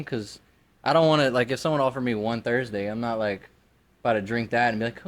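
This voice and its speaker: A man's voice: medium pitch, steady tone, fairly quick. A man co-hosting a podcast, telling a long, rambling story in casual chat, full of fillers and swearing. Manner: rambling storyteller, heavy use of "like" and profanity. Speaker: podcast co-host.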